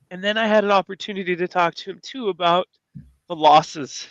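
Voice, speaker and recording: A man in his forties co-hosting a podcast, telling a personal story in an earnest, emotional way with many halting restarts. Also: high-pitched, a bit bright, no echo. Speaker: podcast co-host. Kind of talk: conversational storytelling. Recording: dull lo-fi dry sound.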